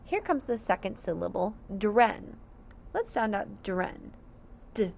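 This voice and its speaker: A woman's voice: medium pitch, sing-song, a little slow, creaky, darkish tone, slight background noise. A woman teaching a phonics lesson to young children, sounding out each word syllable by syllable with careful enunciation.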